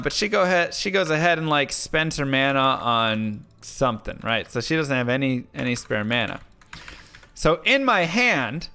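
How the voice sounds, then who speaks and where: A man live-streaming, telling a rambling story in a casual, animated way with lots of filler words. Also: a little high. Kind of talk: casual storytelling while gaming.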